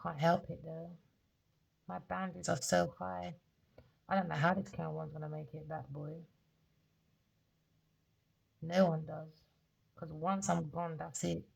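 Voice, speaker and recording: A woman's voice: sits low, flat delivery, measured pace, vocal fry, long pauses, slightly rough, poor audio. A British woman giving an unscripted tarot reading, talking in a blunt, raw, confessional way and swearing freely. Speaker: tarot reader.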